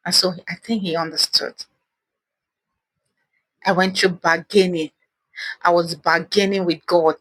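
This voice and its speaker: A woman from Africa who hosts a channel shares, in an earnest and emotional monologue, her personal story of losing a loved one, often repeating words. Her voice is fairly low and a bit bright, with fairly even intonation and a slightly slow pace broken by frequent pauses. There is no room sound.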